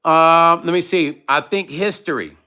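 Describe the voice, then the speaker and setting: On his music vlog livestream, a middle-aged man reads viewers' messages in a smooth, fairly high voice at an unhurried pace. He laughs a lot, keeps things loose and relaxed, and lets the conversation drift.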